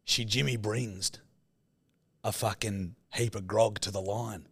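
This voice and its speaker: A young Australian man co-hosting a podcast, telling rowdy, sweary stories with loud bursts of laughter. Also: on the low side, steady tone, takes it slowly, gravelly, slightly rough, dry recording. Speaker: podcast co-host. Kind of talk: casual chat.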